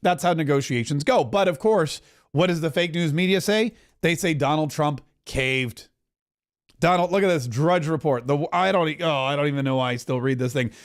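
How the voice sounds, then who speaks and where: A man hosting a political talk show, giving opinionated, animated commentary and mockingly acting out the words of others. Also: a little high. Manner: animated, mocking, does quick voices for others.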